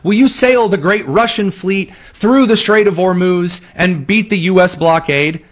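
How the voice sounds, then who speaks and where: Guy doing a desperate envoy begging for help, high whiny voice. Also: unhurried. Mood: pleading. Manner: mocking high-pitched begging. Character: desperate pleading male government envoy.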